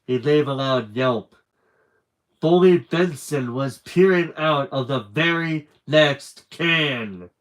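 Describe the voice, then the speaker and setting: A man reading a children's book aloud on a live stream with lively, animated narration and chatty asides. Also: medium pitch, takes it slowly, rough recording.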